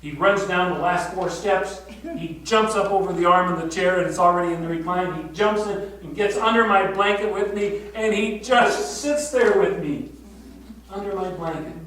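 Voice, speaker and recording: An older man with a high voice preaches at a prayer retreat, telling his story tenderly and often sinking to a hushed near-whisper. He is heard from some distance in a strongly echoing room with a faint hum behind him. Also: moderate pace. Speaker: pastor leading a prayer retreat. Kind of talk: sermon.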